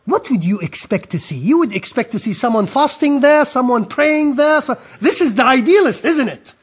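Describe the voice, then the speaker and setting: Guy lecturing, pretty high voice, tells it like a story, asks the crowd questions, goes quiet then punchy. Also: moderate pace, breathy edge. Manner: animated storytelling with rhetorical questions; swings between hushed and emphatic delivery. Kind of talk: recorded lecture on Islamic history.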